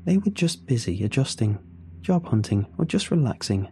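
A man narrating a first-person horror story in a measured, tense way. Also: mid-range voice, very animated, mellow, slight background noise. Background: faint music.

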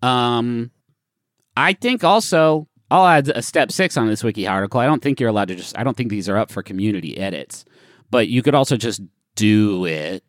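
A man's voice: medium pitch, lively intonation, moderate pace, dry recording, studio quality. A man co-hosting a comedy podcast, reading advice aloud with jokey asides and casual swearing. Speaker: podcast co-host.

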